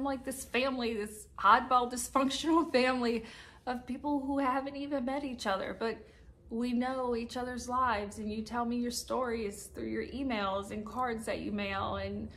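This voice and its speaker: A woman's voice: fairly high pitch, fairly bright tone, a little hiss or hum. A middle-aged woman casino vlogger talking casually and emotionally to her viewers, laughing through tears and restarting her sentences. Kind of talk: casual heartfelt vlog talk to viewers. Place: hotel room upstairs at a casino.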